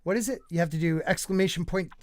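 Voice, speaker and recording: A man's voice: high-pitched, fast, crowd noise. A man hosting a livestream podcast, joking around and reading out viewer chat in a rambling, casual way. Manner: jokey, rambling, reads chat aloud. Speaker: podcast host.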